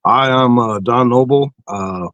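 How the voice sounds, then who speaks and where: A man's voice: medium pitch, unhurried, a bit bright, no echo, lo-fi sound. A man guesting on a casual live chat, easygoing, laughing often and swearing casually. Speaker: guest, publisher and artist.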